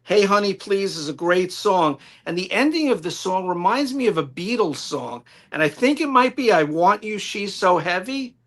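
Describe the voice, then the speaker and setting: A man with a high voice and a light New York accent gives a prepared album review on a live stream. He reads from his notes in a detailed, enthusiastic way over a home microphone. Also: very animated, normal speed, few pauses, a bit bright.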